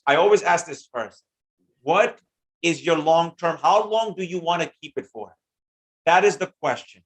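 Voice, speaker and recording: An energetic man with a fairly high voice runs a live trading lesson and answers chat questions as they come in. He talks in a slangy, hyped-up way and shouts out viewers by name. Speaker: trading teacher hosting a live stream. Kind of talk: live-stream Q&A reading chat comments.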